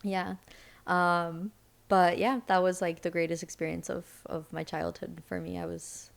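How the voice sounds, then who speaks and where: A woman's voice: unhurried, creaky. A young woman from Seattle, a podcast guest, telling a story in a casual chat, acting out the people she quotes. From Seattle, United States. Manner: animated storyteller, acts out quoted voices with sudden high pitch.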